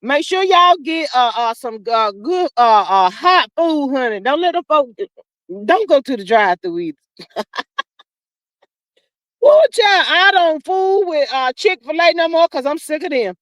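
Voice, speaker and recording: High-pitched sassy woman streaming live. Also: sing-song, fairly bright tone, no echo. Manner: sassy, folksy, calls listeners child and honey; drawn-out fillers, laughs often. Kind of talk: casual live-stream chat reading comments.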